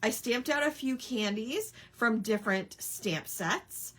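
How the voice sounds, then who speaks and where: Speaking slowly in a slightly high voice, this crafting livestream host keeps things casual. She rambles, says um a lot, and responds conversationally to comments from her viewers.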